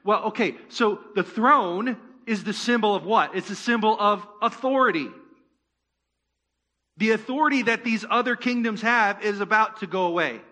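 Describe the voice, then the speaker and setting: A man's voice: sits high, moderate pace, pushed and bright. A man preaching a sermon as pastor of a church, conversational, asking the congregation rhetorical questions and slipping in joking asides.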